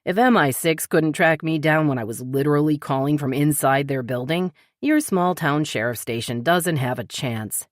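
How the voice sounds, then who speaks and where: A woman's voice: low voice, normal speed, hardly any pauses, no room sound, clean studio sound, lightly acted. A woman narrator voicing a cocky male hacker for hire who talks breezily and boasts. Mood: smug.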